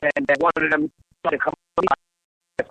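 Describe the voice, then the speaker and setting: A man's voice: on the high side, little pitch movement, fairly quick, vocal fry, bright, forceful tone, no echo. A man telling a rambling, profanity-laced story as a guest on a casual talk podcast. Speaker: guest, bar owner. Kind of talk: casual phone-in chat. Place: Bangkok, Thailand. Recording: dull lo-fi podcast audio.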